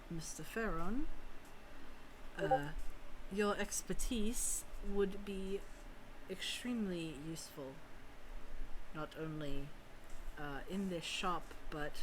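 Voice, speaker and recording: A woman voicing a calm, knowing older male shopkeeper who speaks quietly and in a measured way. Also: fairly low pitch, noisy background.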